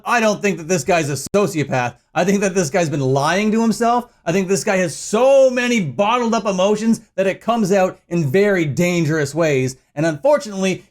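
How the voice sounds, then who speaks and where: A man hosting a commentary video, delivering a heated, profane rant full of shouted insults. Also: high voice. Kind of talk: angry reaction rant.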